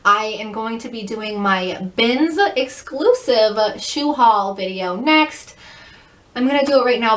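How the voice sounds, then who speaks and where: A woman chatting quickly and upbeat as she shows off a thrift haul in a casual vlog. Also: fairly high pitch, a bit bright. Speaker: thrift reseller vlogger. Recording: echoey room, mic at a distance.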